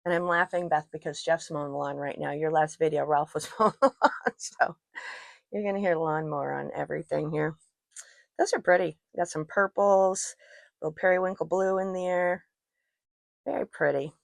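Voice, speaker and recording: A woman's voice: low voice, moderate pace, vocal fry, no echo. A woman hosting her own jewelry channel, chatting casually and gushing over each piece, with self-deprecating asides, on a personal microphone. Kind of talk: casual show-and-tell chat. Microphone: personal microphone worn while talking.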